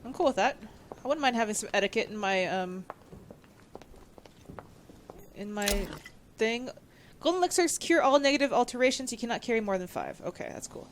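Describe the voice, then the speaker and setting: Excitable woman streamer, high voice. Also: fast talker, a little hiss or hum. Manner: excitable, chatty, reads on-screen text aloud. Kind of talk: casual gameplay commentary.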